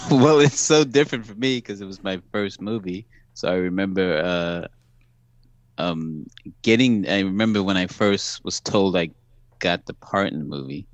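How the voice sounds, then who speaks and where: A man guest on a podcast, telling stories about his acting career in a calm, matter-of-fact way and laughing often. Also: low voice, unhurried, no room sound, highs cut off. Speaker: actor guest. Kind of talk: casual anecdote telling.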